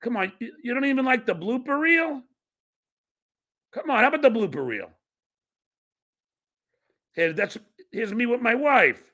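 Excitable profane man hosting a podcast. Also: extremely high pitch, unhurried, pauses often. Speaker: podcast host.

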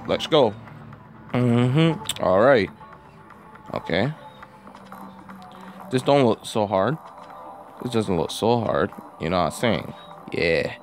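A man hosting a gaming video who has a cold, giving casual gameplay commentary and yelling and groaning at the game. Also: medium pitch. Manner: excitable, yells and groans at the game. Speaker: gaming channel host.

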